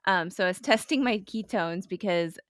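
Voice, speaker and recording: A woman's voice: mid-range voice, normal speed, no room sound, studio quality. A woman who works as a health coach, chatting casually over a video call from her office, rambling with many restarts and laughs. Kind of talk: casual chat.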